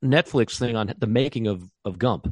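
A man's voice: medium pitch, moderate pace, no echo, clean studio sound. A man co-hosting a casual sports podcast, rambling enthusiastically with many restarts. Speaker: co-host.

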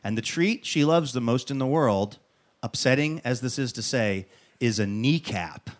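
Animated man hosting a talk show. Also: mid-range voice, moderate pace. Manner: animated storyteller who acts out quotes. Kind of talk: comic monologue and interview.

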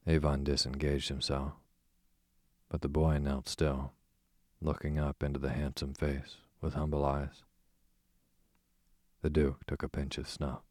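A man calmly reading a story aloud to help listeners fall asleep. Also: extremely low pitch, a little slow, pauses often, dry recording, studio quality. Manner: calm, soothing reading for sleep. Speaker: narrator.

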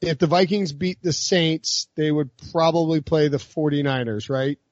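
Quick-talking man hosting a sports chat. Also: fairly high pitch, no echo, dull audio. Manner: quick, laughing, restarts often. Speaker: podcast host. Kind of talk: casual sports betting chat.

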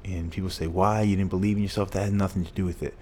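A man's voice: low-pitched, steady tone, fast talker, dark tone, slight background noise. A man, a former pro football player, telling an interview story in an earnest, emotional way with lots of repetition.

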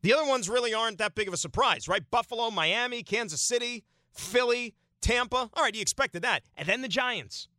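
Sports radio guy ranting about football, bright tense voice, high and bouncy, dry studio sound. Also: a little fast, no echo. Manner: opinionated, rhetorical questions, animated. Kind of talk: sports talk radio monologue.

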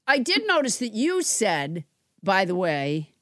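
A woman hosting a comedy podcast, teasing her co-hosts in halting, stop-start chat. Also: medium pitch, huge pitch swings, a bit bright, no room sound, clean studio sound. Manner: teasing, halting, restarts often. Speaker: podcast host.

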